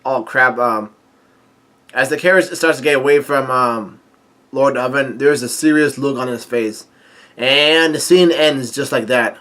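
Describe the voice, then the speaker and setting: A man reading through a manga chapter aloud in a casual, halting way, with many fillers and restarts and frequent chuckles. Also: medium pitch, fairly bright tone. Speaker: manga reader and commentator.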